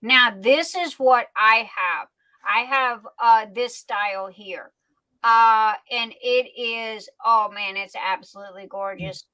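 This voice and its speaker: Casual woman livestream host; slightly high, bright voice; folksy filler-heavy delivery. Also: steady tone, slow, poor audio. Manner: chatty, folksy, many fillers and restarts. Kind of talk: casual live-stream product chat.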